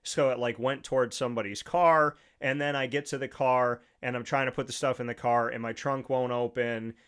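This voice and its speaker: A man's voice: mid-range voice, steady tone, moderate pace, a bit bright, clean tone. A man hosting a sports talk show, telling a long personal story in a casual, rambling way with many restarts. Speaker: show host.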